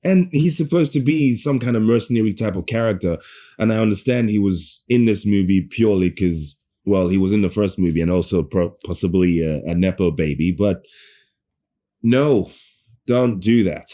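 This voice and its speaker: A man giving a ranting, sarcastic movie review, animated and swearing, often stumbling and restarting mid-sentence. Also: fairly low pitch, moderate pace. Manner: sarcastic, animated rant with profanity.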